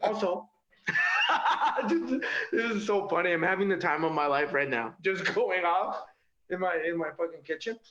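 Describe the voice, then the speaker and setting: A man's voice: high-pitched, brisk, hardly any pauses, fairly bright tone. A man performing a stand-up routine from his home kitchen, with a punchy delivery that tags jokes with "okay?" and "all right?". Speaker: stand-up comedian. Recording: roomy, dull lo-fi home recording.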